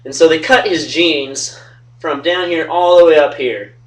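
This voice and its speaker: Sitting away from his webcam mic at home, a young fantasy football league organizer jokes, swears and spins stories in casual trash talk. His voice is a little high and a little slow, with fairly even intonation.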